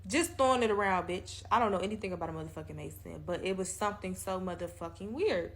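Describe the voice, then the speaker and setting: A woman, telling a creepy dating story in a casual, animated, profane way and talking straight to her listeners. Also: on the low side, quick pace. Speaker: storyteller in a reaction clip.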